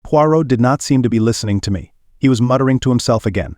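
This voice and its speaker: A man reading a mystery novel aloud in measured, even storytelling. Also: medium pitch, no room sound, studio quality. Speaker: audiobook reader. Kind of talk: scripted narration.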